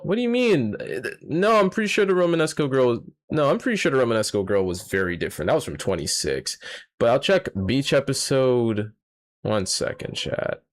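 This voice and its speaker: His pitch swings widely around a mid-range voice, and his pace is a little fast. The young man is live-streaming a reaction to a manga chapter, speaking casually to his chat with exasperation and profanity.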